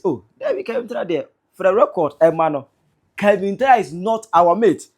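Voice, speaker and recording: Animated Ghanaian woman commentator. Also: medium pitch, a little fast. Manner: excitable, teasing, reads out viewer comments. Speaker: online commentator.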